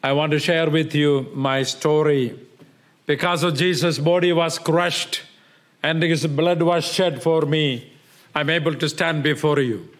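A man's voice: a little high, steady tone. A middle-aged man from southern India with a South Indian accent, giving an earnest personal testimony at a church pulpit as a guest missionary. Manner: earnest, with filler pauses and restarts.

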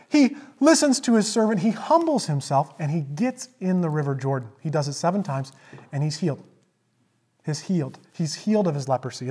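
A pastor preaching a sermon, retelling a story with emphatic repetition and swings from loud emphasis to hushed asides. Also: mid-range voice, husky.

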